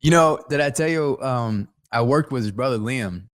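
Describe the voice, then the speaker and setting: A man co-hosting a podcast, telling a story in a casual, animated way with lots of laughter. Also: mid-range voice, moderate pace, no echo, clean studio sound. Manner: animated, laughs a lot, acts out voices in stories. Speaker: podcast co-host.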